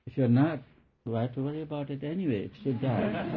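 A man giving a spiritual talk with an anecdote, speaking haltingly with many restarts and soft laughs. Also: medium pitch, slight background noise. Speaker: spiritual teacher. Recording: tinny phone-like lo-fi recording.

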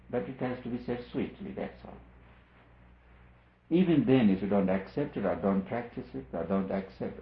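A man giving a spiritual discourse as a teacher, talking in a measured, repetitive and emphatic way. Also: lowish voice. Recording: echoey room, phone-like lo-fi sound.

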